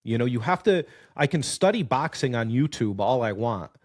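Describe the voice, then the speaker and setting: A man who runs auto repair shops, talking loosely as a podcast guest at a middling pitch. He tells stories with real drive, swears freely and acts out the people in them. His tone stays plain and conversational. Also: sing-song, moderate pace. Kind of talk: casual conversation.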